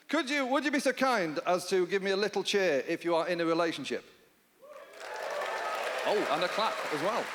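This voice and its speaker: A man doing stand-up comedy live on stage, telling stories in a dry, deadpan way with bursts of mock panic. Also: high-pitched, measured pace, long pauses, some chatter behind, slight background noise. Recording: hall reverb with guitar music.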